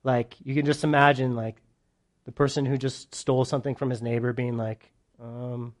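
A man preaching a verse-by-verse sermon to a live congregation, animated and joking with them, swinging between loud bursts and soft asides. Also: mid-range voice, moderate pace. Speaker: pastor. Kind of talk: sermon, verse-by-verse Bible teaching.

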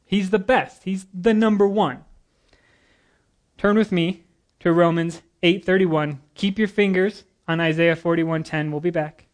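A man preaches a sermon, reading scripture and explaining it in earnest. His voice sits a little high for a man. He sounds a bit nervous but lively, and he breaks in with casual jokes between readings. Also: a little slow. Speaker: guest preacher.

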